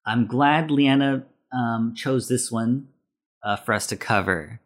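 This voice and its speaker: A man's voice: medium pitch, slow pace. A man co-hosting a casual movie podcast, explaining things loosely with fillers. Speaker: podcast co-host.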